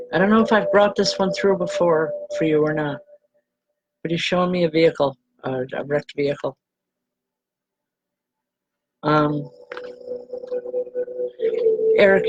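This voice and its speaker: Halting woman medium giving spirit readings. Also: low-pitched, poor audio. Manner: gentle, halting, addresses viewers by name. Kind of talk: live-streamed spirit readings for viewers.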